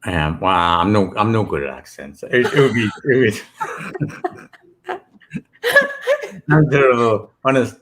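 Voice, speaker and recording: A man's voice: on the low side, a little slow, long pauses, a crowd in the background. A British man, an author and guest, telling rambling stories with many ums and restarts. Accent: British English. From Britain. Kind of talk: casual interview storytelling.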